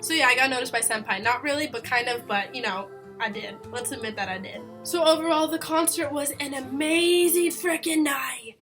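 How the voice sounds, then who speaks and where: A young woman vlogger telling an excited, gushing story in casual talk, often breaking into squeals. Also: high voice, fairly quick, faint music behind. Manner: excitable, gushing fangirl talk, bursts into screams.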